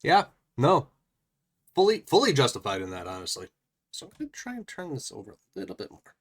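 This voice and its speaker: A man on a casual live stream, reading story text aloud and chatting as he works through paper puzzles. His pitch swings widely and animatedly. He often drops into quiet, playful mutters to himself. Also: wildly swooping pitch, brisk, husky.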